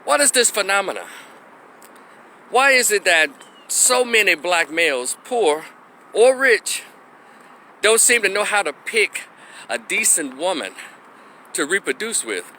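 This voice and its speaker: A man's voice: high-pitched, sing-song, unhurried, pauses often, bright, forceful tone, a little hiss or hum. A middle-aged man from Memphis giving a blunt, opinionated monologue for his vlog, now and then acting out the voices he quotes. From Memphis, Tennessee. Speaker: opinion commentator.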